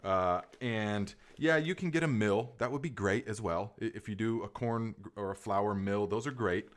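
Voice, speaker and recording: A middle-aged man chats through a live gardening Q&A with a slightly low voice. He rambles with easy enthusiasm and trips over his own restarts and fillers. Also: moderate pace. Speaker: gardening podcast host. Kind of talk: casual live Q&A chat.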